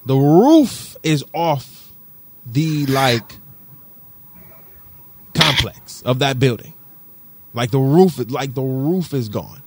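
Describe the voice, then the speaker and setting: A man from Detroit, co-hosting a podcast, telling a story in an animated, profane way and repeating himself for emphasis. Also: mid-range voice, slow, long pauses, slight background noise. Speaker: podcast co-host. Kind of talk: casual chat.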